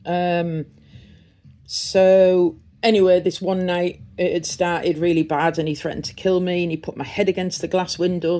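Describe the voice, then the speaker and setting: A middle-aged woman with a Teesside accent talks in a fairly low voice. She rambles warmly and chattily, gushing now and then, as if to friends in a casual unboxing vlog. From Redcar, North East England. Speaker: vlogger.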